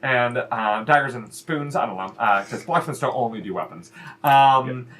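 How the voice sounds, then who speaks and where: A man's voice: mid-range voice, moderate pace, fairly bright tone. A man narrating as game master of a tabletop game, rambling with many fillers and restarts.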